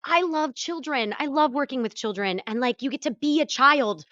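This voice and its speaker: A young adult woman, a stage performer and guest, talking casually with high energy and bubbly laughter. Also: moderate pace, a bit bright, no room sound, muffled recording. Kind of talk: casual interview chat.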